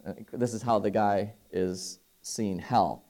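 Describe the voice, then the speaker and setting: A pastor preaching an earnest sermon and reading a story aloud with voices. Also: male voice, on the low side, steady tone, slow, few pauses, a little mellow. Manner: earnest, reads dialogue aloud from a book.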